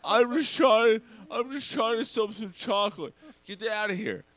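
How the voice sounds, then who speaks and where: A man's voice: high voice, moderate pace, a crowd in the background, voice pushed up, natural voice. A man voicing a chubby boy selling chocolates door to door, whining and pleading over and over. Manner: pleading, whiny, repetitive.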